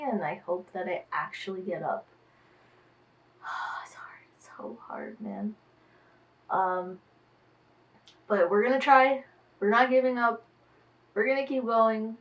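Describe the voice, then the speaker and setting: Weary woman, artist manager, unhurried diary-vlog chat, sighs and trailing thoughts, mic at a slight distance. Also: mid-range voice. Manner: sighing, trailing off, musing aloud. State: tired.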